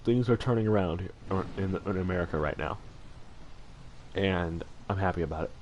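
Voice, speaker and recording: A man chats casually during a game stream in a fairly low voice, earnest and heartfelt. He rambles, restarting sentences and padding them with fillers. A faint hum sits behind him. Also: fairly quick, a little mellow, muffled recording. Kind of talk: casual livestream chat while gaming.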